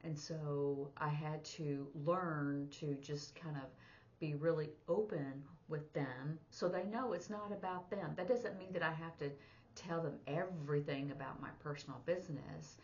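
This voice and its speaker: Speaking low and at a measured pace, this woman teaches sign language and interprets, and here she delivers an easygoing lesson full of chatter and acted-out quoted lines. Sound quality is dull and lo-fi.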